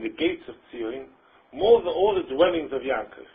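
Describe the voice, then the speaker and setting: Man, Talmud lecture, lilting chant on quotes, lively voice, tinny phone-line sound. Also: on the high side, moderate pace, gravelly, husky. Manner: sing-song Talmudic chant on quoted Aramaic. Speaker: Torah lecturer.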